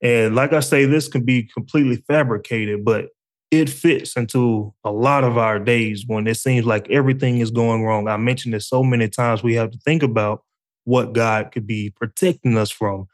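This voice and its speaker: A man's voice: medium pitch, fairly even intonation, moderate pace. A man hosting a casual faith talk, reflective and conversational, with frequent fillers. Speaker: faith podcast host.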